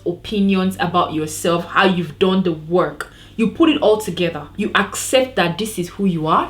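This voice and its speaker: A woman from Nigeria with a Nigerian accent, giving earnest motivational advice to camera in a vlog. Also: mid-range voice. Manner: earnest, advising, asks rhetorical questions. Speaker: vlogger.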